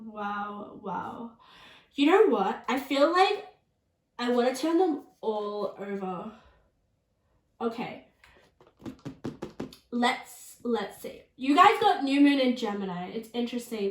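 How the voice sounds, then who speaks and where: A woman's voice: high-pitched, distant mic. A woman giving a casual pick-a-card tarot reading, chatty and often checking in with "okay?" and "all right?". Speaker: tarot reader. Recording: echoey room, voice off mic.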